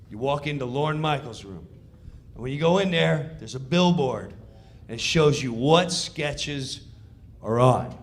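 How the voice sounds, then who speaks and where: A male comedian telling a backstage story in an animated, conversational stand-up style. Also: on the high side. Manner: animated, conversational, builds to punchlines.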